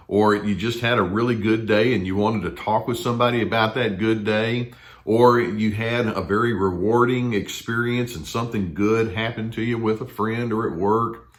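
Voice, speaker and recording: An older man, a therapist, talking to camera in a conversational way and acting out quoted lines in a higher voice. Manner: conversational, acts out quoted voices with rising pitch. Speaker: therapist giving a talk. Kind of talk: explanatory talk to camera.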